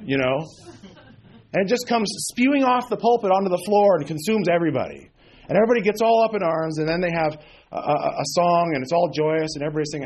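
A man's voice: a little high, expressive, fairly quick. A man preaching an informal sermon, blunt and sarcastic, with folksy asides. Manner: mocks emotional prayers in exaggerated voice.

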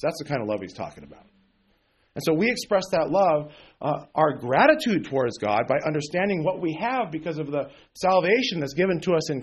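Blunt, sarcastic and given to folksy digressions, this preacher delivers an informal sermon in a voice that sits high and sounds a little rough. At points he puts on an exaggerated voice to ridicule emotional prayers.

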